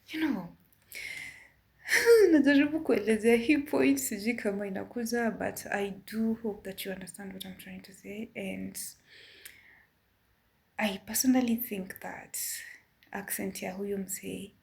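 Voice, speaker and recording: A woman with a Kenyan accent giving a careful opinion in a casual vlog, measured and a bit apologetic. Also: medium pitch, creaky. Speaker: vlogger.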